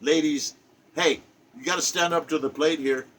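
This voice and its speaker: A self-published poet, an older man, preaches through a spoken monologue, urging listeners on and repeating himself for emphasis. The voice is a little high and fairly bright, steady in tone at a moderate pace.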